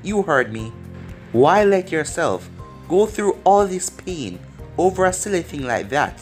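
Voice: medium pitch, very animated, a little slow, soft background music. A storyteller voicing a cocky but caring teenage boy ninja while reading fan fiction aloud, in a plain reading voice. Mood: teasing.

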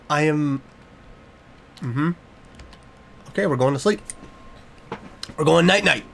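A man's voice: medium pitch, moderate pace, vocal fry, pauses often, a bit bright, a little hiss or hum. A young man, giving a jokey, nervous running commentary as he plays a horror game. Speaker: gaming YouTuber.

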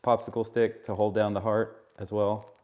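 A man's voice: on the low side, level tone, moderate pace, darkish tone. A man co-hosting a live craft stream, easygoing, relaying viewer comments. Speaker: co-host reading chat. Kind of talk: casual live-stream chat.

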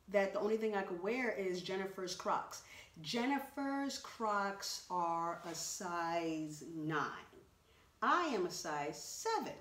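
A woman's voice: lowish voice, far from the mic. A woman chatting through a clothing try-on haul video, exclaiming and talking straight to her viewers. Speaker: vlogger. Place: home room. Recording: roomy echo.

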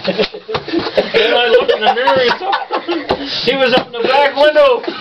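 High-voiced man telling rowdy stories. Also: moderate pace, distant mic, highs cut off, very noisy. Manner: profane, laughing while telling stories. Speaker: storyteller among friends. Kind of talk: casual storytelling.

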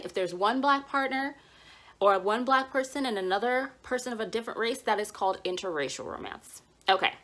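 A woman hosts a book vlog from her home, talking in an excited, casual way. Her voice is bright, and she jokes, laughs and slips into stage whispers for emphasis. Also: mid-range voice. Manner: playful and animated, laughs often, drops into stage whispers. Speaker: book vlogger. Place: home, with dogs nearby.

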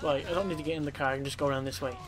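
A man's voice: a little high, fairly even intonation, very fast, music in the background. Rowdy, swearing gaming commentator man. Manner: rowdy, profane, bursts into shouts. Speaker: gameplay commentator. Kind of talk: casual gameplay commentary.

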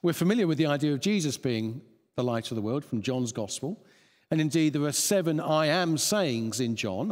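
A man's voice: fairly high pitch, lively intonation, normal speed. A man preaching a sermon, chuckling often and restarting phrases as he thinks aloud. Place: church hall. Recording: long church reverb.

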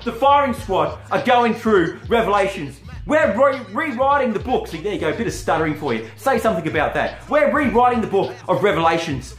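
A man's voice: sits high, very animated, brisk, hardly any pauses. A man who talks profanely, taunts his rival, and stutters now and then in a wrestling trash-talk promo. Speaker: wrestling character cutting a promo. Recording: roomy with faint music behind.

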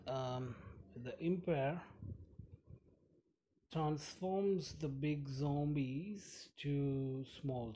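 Slow, mellow-voiced man playing a mobile game. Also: medium pitch, slight background noise. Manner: chatty, rambling, giggly, with many fillers. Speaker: gaming channel host. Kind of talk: casual gameplay commentary.

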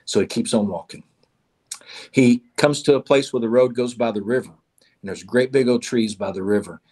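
A man's voice: mid-range voice, moderate pace, a little mellow. A man telling a parable at a church in a folksy way, often repeating his words. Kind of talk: told parable.

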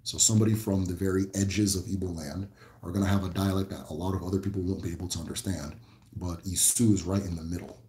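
This man, from the American Midwest, talks fast in a low-pitched voice, and the audio is reverberant. Hosting a relaxed livestream, he rambles through viewer questions with lots of fillers and restarts.

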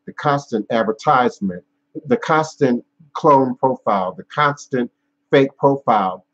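A man hosting a live stream as a spiritual teacher, talking in a measured, emphatic way with repeated phrases and some fillers, in dull lo-fi audio. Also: on the low side, breathy edge. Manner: frequent fillers and restarts. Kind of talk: unscripted live-stream talk.

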